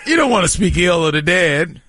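A man's voice: high voice, big pitch swings, a little fast, crowd noise. A man co-hosting sports radio, teasing and laughing through the banter. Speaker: radio co-host.

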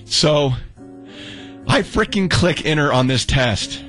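A young adult man telling a story in casual chat, animated and acting out the quotes, with many restarts. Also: a little high, takes it slowly, soft background music. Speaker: storyteller guest.

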